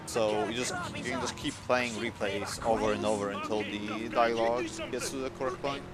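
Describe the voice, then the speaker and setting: A man's voice: mid-range voice, steady tone, normal speed, over loud music. A man co-commentating a speedrun, laid-back and teasing.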